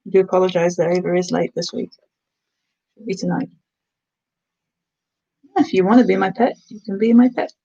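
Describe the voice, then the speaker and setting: A woman's voice: fairly low pitch, normal speed, gravelly, pauses often, mellow, breathy edge, lo-fi sound. A woman from the Black Country, England, chatting casually on a live stream, answering viewers' comments and slipping into giantess role-play. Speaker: ASMR streamer.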